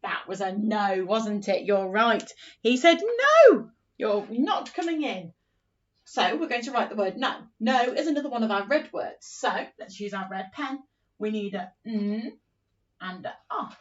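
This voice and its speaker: Slow sing-song woman teacher, distant. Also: medium pitch, lo-fi sound. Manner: slow, sing-song, encouraging, acts out story lines. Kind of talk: early-years phonics lesson.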